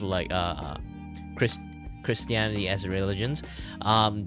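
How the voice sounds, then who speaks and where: A man from Malaysia with a Malaysian English accent, chatting casually on a stream, rambling and chuckling often. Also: on the low side. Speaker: vtuber streamer. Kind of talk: casual chat while drawing on stream. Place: his own room at home.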